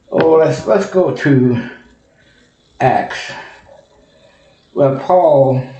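A man's voice: on the high side, mellow, muffled recording. A man preaching a sermon, reading scripture aloud and often repeating and correcting himself. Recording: echoey room.

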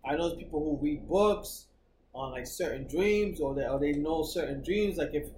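A man's voice: a little high, moderate pace, darkish tone. A man co-hosting a podcast in casual, profane chat, acting out his own thoughts in a raised voice. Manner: profane, acts out quotes in a raised voice. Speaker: podcast co-host. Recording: echoey room with noise.

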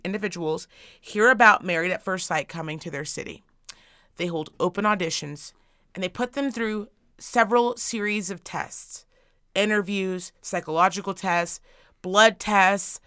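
A woman's voice: medium pitch, unhurried, bright, forceful tone, smooth, no echo, studio quality. A woman co-hosting a podcast in casual chat, blunt and sweary, ranting with lots of energy. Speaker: podcast co-host.

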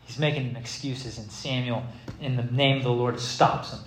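A man preaching a sermon, animated and theatrical, acting out scripture and laughing along. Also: medium pitch, moderate pace, echoey room, slight background noise, rough recording. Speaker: pastor.

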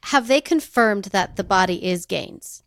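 Podcast co-host lady, bouncy higher voice, chimes in a lot, dry sound. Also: animated, gravelly, fairly bright tone, dry recording. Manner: reactive, exclaiming, quick questions. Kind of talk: casual chat.

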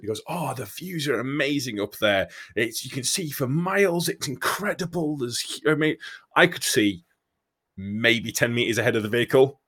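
A man's voice: fairly low pitch, a bit bright. A man who drives trucks, chatting casually, rambling with frequent restarts and swearing freely. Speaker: truck driver, podcast co-host. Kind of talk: casual chat.

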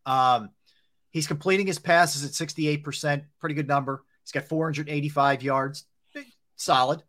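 A man's voice: a little high, steady tone, moderate pace, a bit bright. A man co-hosting a sports talk show, talking conversationally and reeling off player stats with plenty of "you know" and "um". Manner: conversational, rattles off stats, many fillers. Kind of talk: casual sports radio chat.

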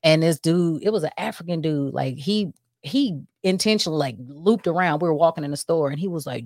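A woman co-hosting a casual chat, telling a story in an animated, profane way and acting out what people said. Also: sits low, a little fast, no room sound, studio quality. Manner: animated, profane, acts out quotes. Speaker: co-host.

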